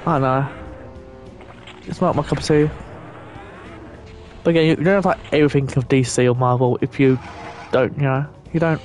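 A man's voice: medium pitch, steady tone, brisk, long pauses, darkish tone, faint music behind. A young man rambling casually and swearing now and then as he plays a game and chats with viewers. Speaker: gaming channel host. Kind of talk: casual gameplay commentary.

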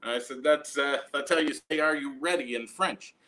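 A young man with a Canadian accent doing a stand-up set from home, telling a long story with deadpan asides and frequent tag questions. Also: mid-range voice, normal speed. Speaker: stand-up comedian.

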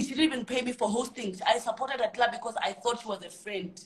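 A woman's voice: fairly high pitch, quick pace, hardly any pauses. A woman ranting angrily and emphatically in a heated casual chat. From South Africa.

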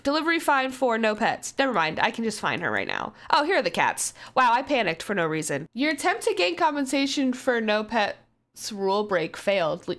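High, lively young woman narrating gameplay. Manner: chatty, self-mocking, exclaims loudly at surprises. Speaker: gaming YouTuber. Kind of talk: casual gameplay commentary.

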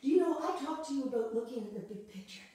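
A woman pastor preaching a sermon, expressive, acting out quoted voices and repeating words as she speaks. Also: high voice, fast talker. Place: church sanctuary. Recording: echoey church hall from far off.

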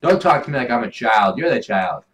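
A man's voice: medium pitch, expressive, a little fast, fairly bright tone, a little hiss or hum. A young man giving casual, crude, jokey commentary while playing a video game. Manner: laid-back, crude, jokey, mumbling asides. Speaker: gaming video host.

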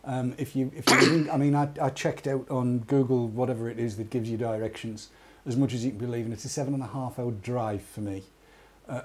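A man's voice: mid-range voice, darkish tone. An English man co-hosting an online talk show, chatting casually and reading a news story aloud with wry, jokey asides. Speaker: podcast co-host.

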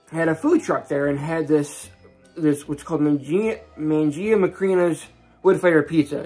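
A young man with a husky, slightly breathy voice recounts a personal story in a loose, rambling way, tripping over restarts as he goes. He jumps into the voices of the people in his tale, and soft music plays faintly underneath. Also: fairly high pitch. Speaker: vlogger.

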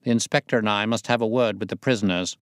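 Man reading a calm, clipped detective, low voice, dry sound, audiobook. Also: fast talker, clear, resonant tone, dry recording, lightly acted. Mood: cool. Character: sharp, cool-headed male detective.

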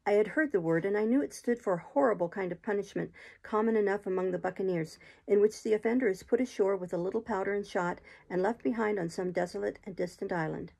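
Gravelly-voiced woman reading a classic novel. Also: medium pitch, fast talker, a little mellow, low-quality recording. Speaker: audiobook reader. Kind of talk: audiobook reading.

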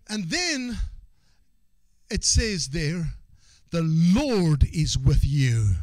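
A man preaching a sermon as pastor. He moves from quiet asides to shouted exhortation, repeats phrases and calls out for amens from the congregation. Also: a little high, big pitch swings, drawn-out words, no room sound.

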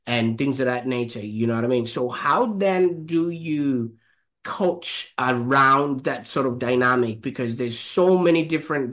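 A man hosting an interview, asking long questions in a rambling, halting way, full of fillers. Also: medium pitch. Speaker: podcast host.

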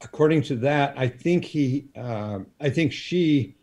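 A man in his sixties, a guest on an interview show, telling unhurried anecdotes with plenty of ums and you-knows. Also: medium pitch, lively intonation, darkish tone. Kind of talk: storytelling in a casual interview.

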